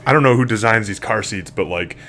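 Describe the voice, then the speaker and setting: A man's voice: lowish voice, a little fast, sharp tone. Regular guy vlogging, rambling dad story, swears a lot, restarts sentences. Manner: rambling, profane, many fillers and restarts. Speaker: single father vlogger. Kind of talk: casual storytelling monologue.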